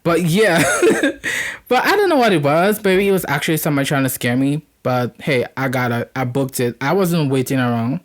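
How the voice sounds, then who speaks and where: A young man hosts a storytelling channel, telling a spooky tale in a chatty, animated way with joking asides. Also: on the high side.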